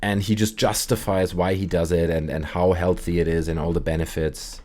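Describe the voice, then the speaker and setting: A man's voice: sits low, normal speed. A man hosting a live stream, chatting casually and rambling through stories while he plays. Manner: rambling, animated storytelling with put-on quote voices. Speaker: streamer and call-in show host. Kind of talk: casual gaming stream chat.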